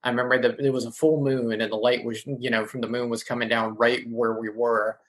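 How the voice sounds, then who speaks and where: A man who is a podcast guest, telling a vivid first-person story in a casual interview and filling pauses with "you know". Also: medium pitch, flat delivery, a bit bright. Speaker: podcast guest, ghost tour guide.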